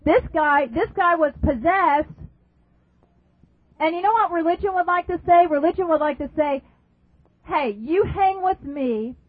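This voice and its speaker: A woman's voice: very high voice, normal speed, no room sound. A woman preaching a sermon emphatically, repeating phrases and asking her listeners questions. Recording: dry, phone-like narrow sound.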